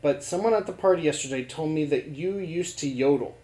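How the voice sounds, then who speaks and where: Mellow-voiced gentle family interviewer. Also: medium pitch, a little fast. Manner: gentle, easygoing questioning. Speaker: interviewer, a grandchild. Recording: roomy echo.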